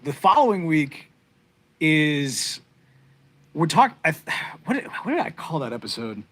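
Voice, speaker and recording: A man's voice: on the high side, big pitch swings, measured pace, pauses often, a bit bright. A middle-aged man, co-hosting a podcast and chatting casually with viewers in a rambling, heartfelt way, full of fillers and restarts. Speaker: podcast co-host. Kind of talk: casual live-stream chat with viewers.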